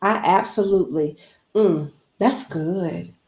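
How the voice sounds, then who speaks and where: Woman guest speaker, preachy and emphatic, mellow warm tone, echoey room. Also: fairly low pitch, takes it slowly. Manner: preachy, emphatic, repeats phrases. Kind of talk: inspirational talk.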